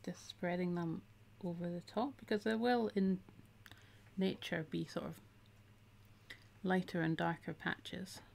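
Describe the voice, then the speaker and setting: A woman's voice: lowish voice, fairly even intonation, unhurried, creaky, pauses often, a little mellow, a little hiss or hum. A middle-aged woman, chatting casually while she teaches a craft on a live stream and reads out viewer comments.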